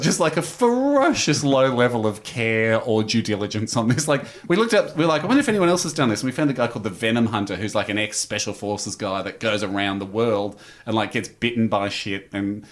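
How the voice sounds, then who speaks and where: An Australian man telling a story as a podcast guest, lively, with big pitch jumps when he acts out quotes. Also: fairly quick. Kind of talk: animated storytelling.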